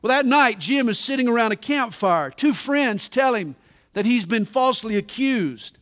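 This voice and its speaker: A man preaching a sermon at a conference, deliberate and emphatic, with dramatic pauses. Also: very high-pitched, fairly bright tone. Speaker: pastor. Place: large conference hall. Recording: reverberant conference hall.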